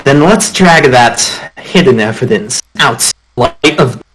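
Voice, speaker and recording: A man's voice: medium pitch, animated, takes it slowly, rough recording. A man voicing an earnest, slightly flustered young male defense attorney in an amateur game dub. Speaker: fan voice actor. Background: background music.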